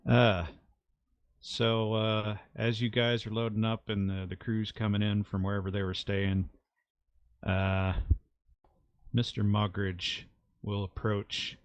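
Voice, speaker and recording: A man narrating as game master of a tabletop game, halting and full of uhs. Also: lowish voice, little pitch movement, no echo, dull audio.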